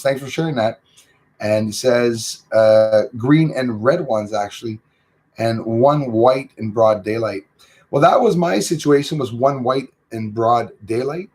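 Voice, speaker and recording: Man, livestream host, casual chat, greets viewers one by one, rambling, mid pitch. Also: a little mellow. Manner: greets viewers by name and reads their comments aloud; rambling, loose and chatty.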